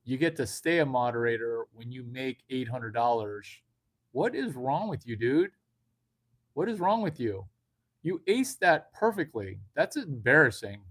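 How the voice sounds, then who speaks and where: A man's voice: medium pitch, animated, slow pace. A man hosting a live video stream, talking brashly and rambling at his viewers with a lot of swearing. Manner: brash, profane, rambling, addresses viewers directly. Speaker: livestream host. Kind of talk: unscripted livestream talk.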